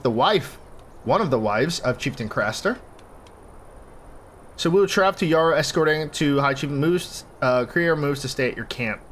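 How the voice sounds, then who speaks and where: A man's voice: on the high side, a bit bright, a little hiss or hum. A young man hosting a role-play game playthrough, reading game text aloud and commenting with chatty enthusiasm. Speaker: gaming channel host.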